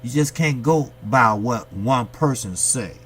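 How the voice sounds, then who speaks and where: A man's voice: medium pitch, slow, fairly bright tone, slight background noise. A man from the United States hosting his boxing channel, giving a blunt, profane, opinionated monologue and firing rhetorical questions at his viewers. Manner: blunt, profane, ranting delivery.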